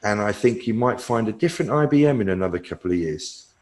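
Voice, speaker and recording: A man's voice: lowish voice, expressive, fast, slight background noise. A man, a technology analyst, answering questions in a conversational way, thinking aloud with fillers and restarts. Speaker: cloud technology analyst, guest.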